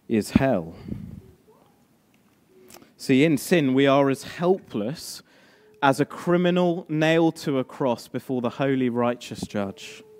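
A man preaching a sermon, moving between hushed, slow lines and rising, emphatic passages. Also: medium pitch.

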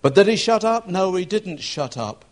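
A preacher delivers a sermon as a told story. He pitches his voice fairly high for a man, and he raises it further when he acts out the shouting in the scene. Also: lively intonation, normal speed.

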